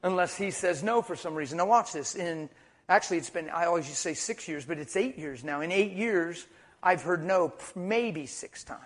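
A middle-aged man preaching a sermon, telling stories with hushed asides and loud bursts of emphasis. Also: a little high, normal speed. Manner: storytelling, animated, swings between hushed asides and loud emphasis. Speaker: traveling preacher.

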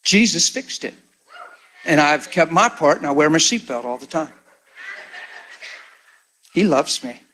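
A middle-aged man preaching his testimony as a lively story. His voice sits a little above the usual male range. He acts out the other people in the story and often sinks to a hushed tone. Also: a little high, unhurried, long pauses, a little hiss or hum.

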